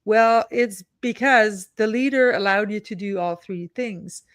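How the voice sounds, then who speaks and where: A woman, a leadership expert telling stories in a sarcastic, animated way on a video call. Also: medium pitch, measured pace, smooth, no room sound. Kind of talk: casual chat on a livestream.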